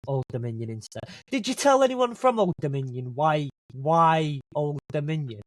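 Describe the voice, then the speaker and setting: A man's voice: fairly high pitch, animated, normal speed, dry recording. British man hosting a dry-sounding podcast. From Britain. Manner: teasing, wraps up with show sign-off. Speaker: podcast host. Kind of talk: casual chat.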